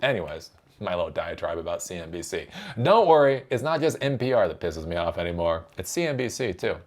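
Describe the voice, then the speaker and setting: With a low, darkish voice, very animated and slightly fast, a man hosts a tech commentary channel. His delivery is a sarcastic rant laced with profanity and repetition, punctuated by rhetorical "right?"s.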